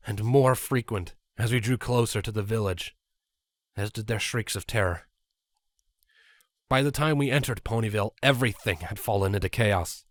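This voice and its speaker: A man reading a fan fiction story aloud with an expressive, animated delivery. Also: fairly low pitch, dry recording, studio quality. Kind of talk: dramatic story narration.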